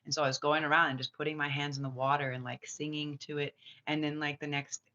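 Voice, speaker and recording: A spiritual reader telling a long personal story in a rambling, excitable way, swearing often and full of filler words. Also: medium pitch, quick pace. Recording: slightly muffled lo-fi audio.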